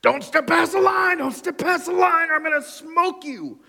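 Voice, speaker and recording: A man voicing God as a loving father pleading with his people, half shouted and strained high. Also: moderate pace, vocal fry, heavily acted. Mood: mock angry. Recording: long hall reverb.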